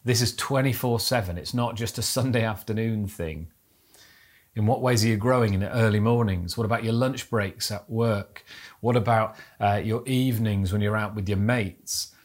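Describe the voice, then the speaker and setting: A man's voice: lowish voice, moderate pace. A man preaching a sermon to his church, earnest and exhorting, building up to emphatic peaks. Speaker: pastor.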